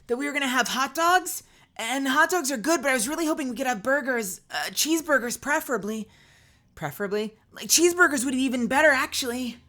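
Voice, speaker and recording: A woman's voice: high voice, bright, forceful tone, voice pushed up. A woman voicing a flustered, nervous teenage boy in a hollow, stammering voice. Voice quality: hollow voice from top of mouth. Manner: stammering, defensive.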